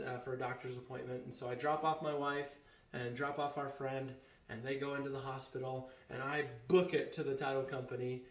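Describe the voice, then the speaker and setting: A man casually telling a story in a vlog, retelling it with animation and acting out the quoted dialogue. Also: mid-range voice. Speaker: vacation rental owner and vlogger. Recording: echoey room.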